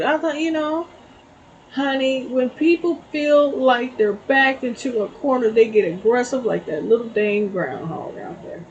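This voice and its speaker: Slow, chatty tarot-reading woman. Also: sits high, lo-fi sound, slight background noise. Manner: chatty, storytelling, frequent "okay?" asides. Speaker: tarot reader. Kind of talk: casual spiritual reading to viewers.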